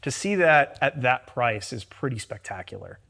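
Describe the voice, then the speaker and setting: A man speaking as a guest specialist, giving measured, knowledgeable explanations in a casual conversation. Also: mid-range voice, very animated, vocal fry, pushed and bright.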